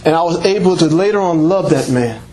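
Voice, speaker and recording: A man preaching a sermon, animated, breaking into shouts and laughter and acting out little dialogues for the congregation. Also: a little high, brisk. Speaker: pastor. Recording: very echoey room, faint background noise.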